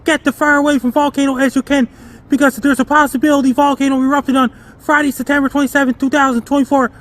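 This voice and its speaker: High flat-voiced man repeating warnings. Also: fast talker. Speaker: amateur weather forecaster. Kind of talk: repetitive forecast warnings.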